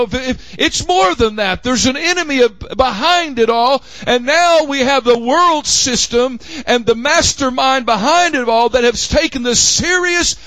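A man with a Southern accent preaching a fiery sermon as pastor of his church, often shouting. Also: very high-pitched, no echo. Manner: impassioned preaching, frequent shouting. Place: church sanctuary.

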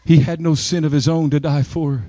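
A male preacher with a high voice delivers a sermon with emphatic, dramatic pauses and soaring rises. The sound is dry and close, with little room around it. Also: steady tone, dark tone, no room sound.

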